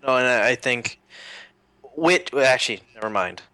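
A man co-hosting a casual game podcast, joking and telling stories with animated energy. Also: mid-range voice, normal speed, faint music behind. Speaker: podcast co-host.

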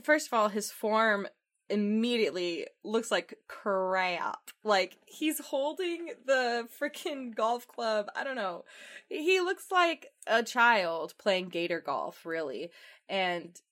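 A woman casually recapping a film plot for a podcast, acting out the characters' lines and laughing as she goes. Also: medium pitch. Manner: animated retelling, acts out quotes, laughs often. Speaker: podcast co-host. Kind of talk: casual movie recap chat.

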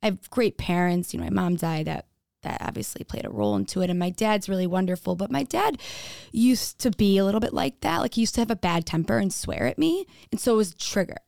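A woman's voice: medium pitch, very animated, fast talker, vocal fry, a little mellow, dry recording, studio quality. A woman telling her own story on a podcast, frank and casual, swearing freely and saying "like" often. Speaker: podcast speaker. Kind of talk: candid personal storytelling.

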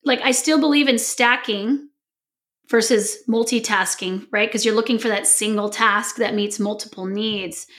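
Podcast host, woman, chatty and animated, slightly high pitch. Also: moderate pace. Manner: animated, playful, laughs often. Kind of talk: casual chat.

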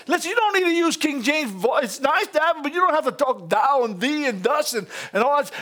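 High-pitched man giving a folksy sermon, bouncy lively delivery, keeps laughing. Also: a little fast, few pauses. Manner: folksy, animated, laughs often. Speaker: preacher.

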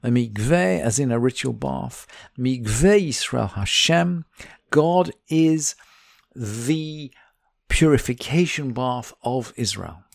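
A man teaching a religious text, reading each Hebrew line slowly and then explaining it in plain English. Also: mid-range voice, creaky, a little mellow, dry recording, clean studio sound. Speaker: Talmud teacher. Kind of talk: text study lesson.

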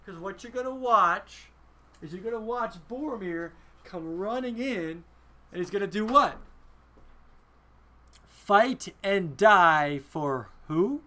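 A man leading a film discussion in a lively, emphatic teaching style, often asking his listeners rhetorical questions. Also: high-pitched, takes it slowly. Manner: emphatic, conversational.

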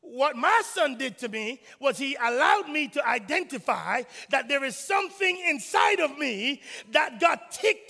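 A man preaching a sermon in church, emphatic, swinging from shouts to soft asides. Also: very high voice, very animated, a little slow, vocal fry, few pauses, big-room sound. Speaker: pastor.

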